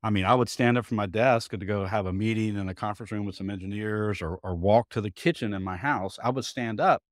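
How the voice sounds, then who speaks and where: A man's voice: fairly low pitch, brisk, hardly any pauses, dry recording, clean studio sound. A man in his fifties, a guest telling his story in a casual interview, folksy, acting out quoted dialogue as he goes. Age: 50s. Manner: folksy, repeats words while thinking.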